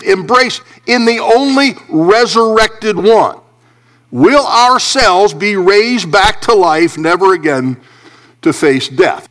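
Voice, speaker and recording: A middle-aged male pastor preaching a sermon, swinging from soaring emphasis to hushed low phrases.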